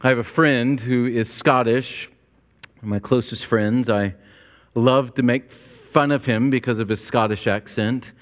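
A man's voice: medium pitch, fairly even intonation, a little slow. A man preaching a sermon to his congregation, earnest and storytelling, with a long church reverb. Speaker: pastor. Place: church sanctuary.

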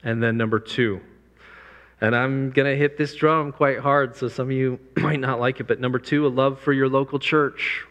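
A man's voice: medium pitch, fairly bright tone. A man preaches a missions talk to a live crowd in an emphatic, repetitive way, leaning on his main points. His voice sits in an ordinary middle register. The sound carries a long hall reverb. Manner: emphatic, repeats key points, lifts voice to press them. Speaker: missions speaker.

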